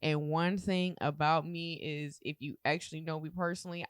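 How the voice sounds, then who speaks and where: A woman's voice: sits low, steady tone, moderate pace, few pauses, clean tone, no echo, clean studio sound. A woman in her twenties co-hosting a podcast, talking casually with dramatic, profane retellings. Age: 20s. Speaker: podcast co-host. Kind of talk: casual chat.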